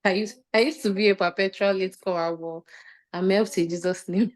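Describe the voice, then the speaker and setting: A woman's voice: mid-range voice, fairly even intonation, normal speed. A woman chairing an online community session over a video call, keeping time and thanking speakers with church phrasing. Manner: warm thanks, light laughter, church phrasing. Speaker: moderator.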